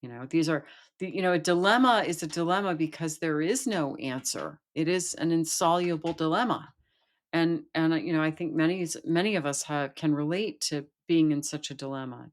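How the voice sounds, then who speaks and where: A woman's voice: sits low, moderate pace. A middle-aged woman, a podcast guest, telling a fairy tale and reflecting on it thoughtfully, often restarting phrases. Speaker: guest, Jungian analyst and author. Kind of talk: podcast interview, storytelling.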